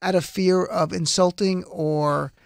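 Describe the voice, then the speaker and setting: A man hosting a talk show, asking quick probing questions and cutting in with jokes. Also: high voice, fairly even intonation, gravelly, no echo, studio quality. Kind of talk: casual panel chat.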